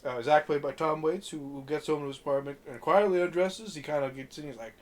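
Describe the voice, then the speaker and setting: A man with a slightly high voice chats through a film recap on a podcast. He rambles with many fillers and curses casually as he goes. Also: fast talker. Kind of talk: casual profane podcast chat.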